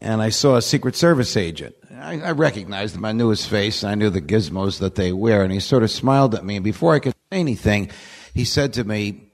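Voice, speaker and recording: A man's voice: on the low side, lively intonation, a little fast. A man giving a lecture at a conference, a wry storyteller who laughs at his own jokes, speaking at a podium microphone. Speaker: guest speaker. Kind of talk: lecture with humorous anecdotes. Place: large conference hall. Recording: reverberant lecture hall.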